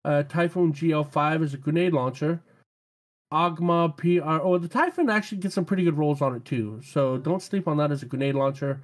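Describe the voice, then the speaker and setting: A man's voice: on the high side, a little fast. A man hosting a casual gaming podcast, easygoing, laughing often and stumbling over odd weapon names. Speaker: podcast host.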